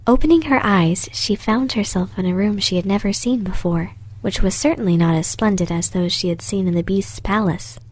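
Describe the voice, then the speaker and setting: A woman softly reading a fairy tale in a slow, soothing, breathy whisper. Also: mid-range voice, a little hiss or hum. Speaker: storyteller. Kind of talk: whispered storytelling.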